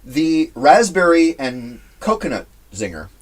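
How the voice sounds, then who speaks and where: A young man co-hosting a casual snack-tasting chat, an animated storyteller who laughs as he talks. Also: fairly high pitch, measured pace. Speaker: co-host.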